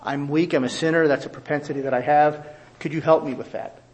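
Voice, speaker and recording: Brief: middle-aged man, pastor, sermon delivery, somewhat high voice, lively when quoting others. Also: fast. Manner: animated, acts out quoted excuses in a raised voice.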